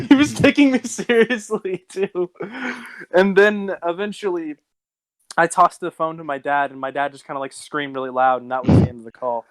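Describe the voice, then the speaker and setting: A man's voice: high voice, expressive, moderate pace, long pauses, no echo, rough recording. A young man co-hosting a casual podcast, telling long rambling stories and laughing at his own jokes. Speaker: podcast co-host. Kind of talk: casual storytelling chat.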